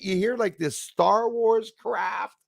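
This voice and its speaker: Man, casual chat host, excitable storyteller, gravelly, dry close sound. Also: high voice, slow, no room sound. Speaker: podcast host.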